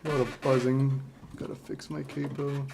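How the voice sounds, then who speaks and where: A man's voice: medium pitch, level tone, moderate pace, creaky, loud music behind the voice. A young man as a podcast guest, laid-back in casual chat, often answering briefly.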